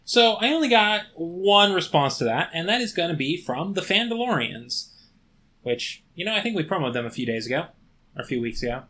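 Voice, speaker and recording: A man's voice: sits high, big pitch swings, fairly quick, sharp tone. A man co-hosting a comedy podcast, chatting casually and jokingly with frequent swearing. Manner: jokey, swears freely, slips into a gravelly put-on movie voice. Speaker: podcast co-host.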